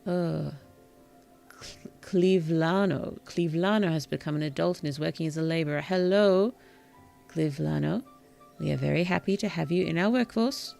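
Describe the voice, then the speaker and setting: A streamer giving relaxed gameplay commentary in a gentle, whimsical, polite way, with puns and soft whispered asides. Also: mid-range voice, fast, vocal fry, few pauses, faint music behind. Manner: drops into soft whispers at times. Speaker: VTuber streamer and author.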